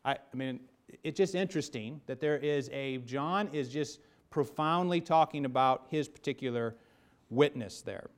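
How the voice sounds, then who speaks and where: Animated male preacher. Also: normal speed. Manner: animated, rising to emphatic bursts then dropping low; repeats and restarts words when building a point. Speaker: pastor. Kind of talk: sermon.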